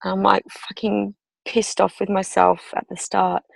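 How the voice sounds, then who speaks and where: A woman with a very gravelly, creaky voice talks in an emotional, halting way and swears often. She speaks from inside her car over a video call, and the sound is dry and close. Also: mid-range voice, flat delivery, dry recording. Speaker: student. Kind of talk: casual sharing in class.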